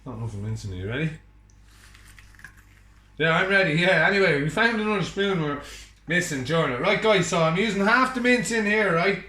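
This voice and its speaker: A bright, lively Irish man jokes his way through cooking at home and teases someone off camera. His voice sits a little high and swings up and down a lot. He sounds like he is in an echoey kitchen. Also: a little fast. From Ireland. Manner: chatty, joking banter with an off-camera partner. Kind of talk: casual chat while cooking.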